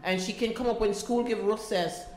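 A woman's voice: mid-range voice, fairly even intonation, moderate pace, darkish tone, slight background noise. A middle-aged woman giving an emotional personal testimony at a community meeting, pleading and repeating herself as she talks. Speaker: volunteer speaking at a community meeting. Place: meeting room. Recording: echoey meeting room.

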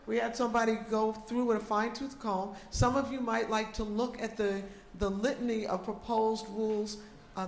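A woman's voice: fairly high pitch, slight background noise. A woman organizer addressing a community meeting, speaking conversationally and checking in with the audience. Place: meeting room. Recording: echoey meeting room.

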